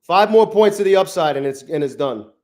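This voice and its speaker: A man streaming his futures trades live from his garage, thinking aloud and swearing often, swinging from flat muttering to loud gloating. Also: high-pitched, fairly quick. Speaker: trading livestreamer. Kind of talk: live trading stream commentary. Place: home garage.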